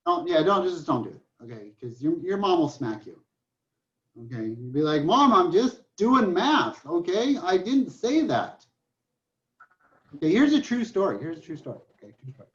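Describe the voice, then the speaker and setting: A man in his forties teaching a math class online, chatty and joking, telling stories between problems. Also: a little high. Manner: joking, storytelling, chatty with restarts. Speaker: math professor. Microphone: computer mic on a video call. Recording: dull lo-fi online class audio.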